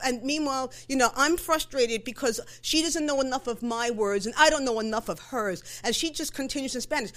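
A middle-aged woman tells a story from her own life. Her voice sits a little high. She talks conversationally, with fillers and quick self-corrections. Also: fairly bright tone. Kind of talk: live personal storytelling.

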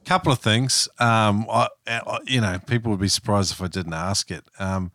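A laid-back man with a fairly low voice hosts a podcast, cracking jokes as he talks. A faint bed of music sits behind him. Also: moderate pace, few pauses, fairly bright tone, no room sound. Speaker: podcast host. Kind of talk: casual interview chat and ad reads.

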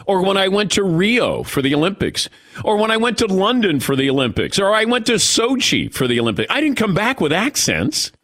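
A middle-aged man hosting sports talk radio with an animated, lively pitch. He chats casually and laughs often between points. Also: brisk.

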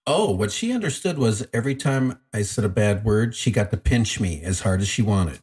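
A man's voice: fairly low pitch, expressive, moderate pace, darkish tone, breathy edge. A middle-aged man co-hosting a podcast, easygoing as he tells stories about home. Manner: easygoing storyteller, telling anecdotes about his daughter. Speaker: podcast co-host. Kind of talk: casual podcast chat.

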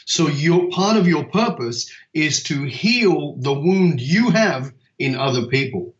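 A man who works as a purpose coach, talking in a relaxed podcast conversation and telling stories with emphasis and casual swearing. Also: on the high side, slow pace. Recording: echoey, slightly dull sound.

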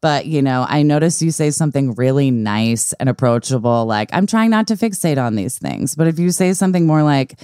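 Podcast co-host, woman, low and smooth, dry close sound, casual and frank. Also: lively intonation, brisk, hardly any pauses, mellow, dry recording. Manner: reads listener letters aloud, frank and casual. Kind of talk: casual advice chat.

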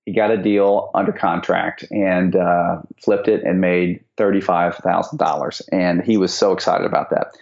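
Guy with a lowish voice rambling thru a story, lots of restarts, dull muffled call audio. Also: fairly even intonation, moderate pace, gravelly, hardly any pauses, darkish tone. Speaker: real estate coach. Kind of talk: casual podcast chat. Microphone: call recording.

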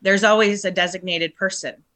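A middle-aged woman, shaken, telling a painful personal story in a halting way with many restarts. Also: mid-range voice, steady tone, a bit bright. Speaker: guest.

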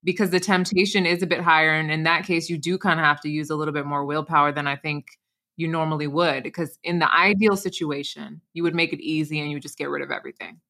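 A woman's voice: deep voice, steady tone, quick pace, bright, forceful tone. A woman who works as a wellness coach and co-hosts a podcast, chatting casually and energetically with plenty of "like" and "you know".

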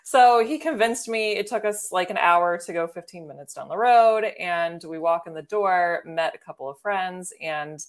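A woman's voice: lowish voice, normal speed, hardly any pauses. A woman guest on a podcast, an author, animatedly telling a personal story and laughing often. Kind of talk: casual chat, storytelling.

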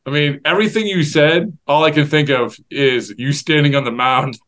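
Male podcast host, slightly high voice, jokey, casual chat. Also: moderate pace, a bit bright. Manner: jokey, prompting questions.

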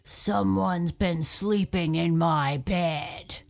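A great big daddy bear from a storybook growls and roars his complaints, as a woman acts him out. Her voice turns loud and gruff, with a gravelly edge. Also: on the low side, fairly even intonation, takes it slowly, exaggerated voice.

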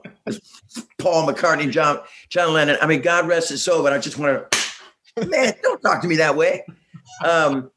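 A middle-aged man, a band singer and songwriter, telling rambling, animated stories with self-deprecating jokes in a casual interview. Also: a little high, a little hiss or hum.

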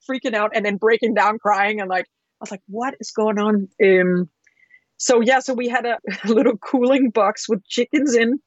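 A woman chef tells a story as a guest, talking in a rambling, animated way with plenty of fillers. Her voice sits in a middle pitch. The recording sounds slightly dull and lo-fi, and it is dry. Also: no room sound. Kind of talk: casual interview storytelling.

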